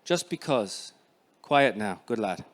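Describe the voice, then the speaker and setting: A man voicing a terse, protective Irish father who speaks low and quietly in short clipped phrases. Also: slow pace, natural voice. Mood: hushing.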